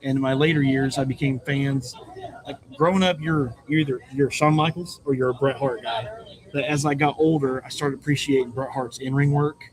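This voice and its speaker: A man's voice: medium pitch, fairly even intonation, fairly quick, low-quality recording. A man chatting casually and enthusiastically about wrestling, rambling a little as he talks. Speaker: wrestling fan guest. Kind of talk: casual chat. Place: busy pizzeria. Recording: crowd chatter behind.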